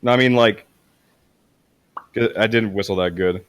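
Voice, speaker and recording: A man's voice: lowish voice, normal speed, fairly bright tone, smooth, no room sound. A man playing a tabletop game, rambling and swearing constantly. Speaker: player. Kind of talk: casual tabletop play.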